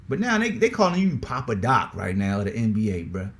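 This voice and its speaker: A man hosting a sports podcast in casual talk, exasperated and animated, firing off repeated rhetorical questions. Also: on the low side, a little fast, hardly any pauses. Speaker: podcast host.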